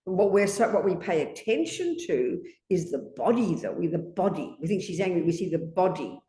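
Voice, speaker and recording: A woman's voice: fairly low pitch, lively intonation, normal speed, warm tone. A woman Buddhist teacher giving an emphatic dharma talk, often asking her listeners rhetorical questions. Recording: echoey room.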